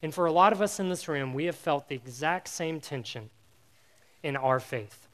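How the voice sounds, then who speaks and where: A man giving a youth sermon, telling a personal story in an animated, self-mocking way with many fillers before turning to faith. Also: a little high, moderate pace. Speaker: youth pastor.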